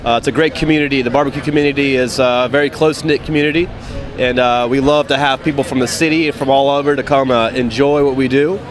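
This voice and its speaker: A man's voice: mid-range voice, steady tone, fast. A man from North Carolina, a barbecue team member speaking in a rambling way full of fillers outdoors at a festival. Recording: crowd noise at an outdoor festival.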